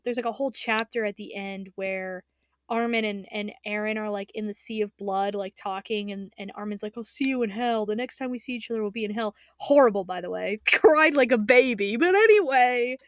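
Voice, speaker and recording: A young woman anime fan rants in a casual vlog, excitable and emotional, rambling with frequent restarts and swearing. Her voice is medium-pitched, and the sound is clean studio quality with no echo.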